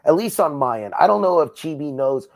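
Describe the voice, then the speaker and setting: A man's voice: a little high, lively intonation, brisk, gravelly, dry recording. Heated, profane man ranting. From Southern California. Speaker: wrestling promoter. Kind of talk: casual interview.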